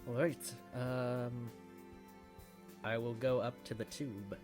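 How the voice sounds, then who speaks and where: A man playing a tabletop game, speaking haltingly with many fillers. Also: medium pitch, steady tone, over music. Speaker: player. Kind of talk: casual tabletop game chat.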